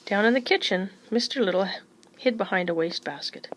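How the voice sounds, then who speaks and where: A woman reading a children's chapter book aloud in a gentle, even storytelling manner. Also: mid-range voice, fairly quick, poor audio. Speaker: reader.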